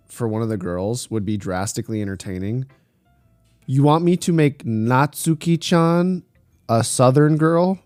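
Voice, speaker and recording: A man's voice: fairly low pitch, a little mellow, dry recording. A man streaming live through a slight voice changer, bantering crudely with chat as he reads it. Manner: crude, joking banter while reading chat.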